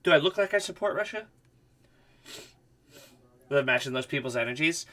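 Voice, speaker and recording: A man's voice: on the high side, lively intonation, normal speed, pushed and bright. A male livestream host telling a rambling, profane story in casual chat.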